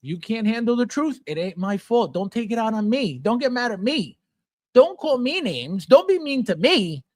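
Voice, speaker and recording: A man's voice: very high voice, big pitch swings, normal speed, darkish tone, dry recording, clean studio sound. Blunt, scornful man ranting. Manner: repetitive, sarcastic jabs at viewers. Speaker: collectibles channel host. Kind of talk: ranting figure review.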